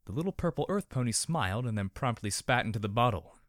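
A man narrating a story in a measured, expressive manner. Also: medium pitch, no echo, clean studio sound.

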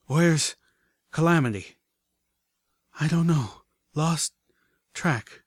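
A graceful, caring pony mare who pleads softly, her voice lifted well up as a man puts her on. Close and dry, like a storybook read in a quiet booth. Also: a little high, lively intonation, moderate pace, dry recording, voice pushed up, natural voice. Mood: worried. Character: gentle, refined female pony mare, caring healer.

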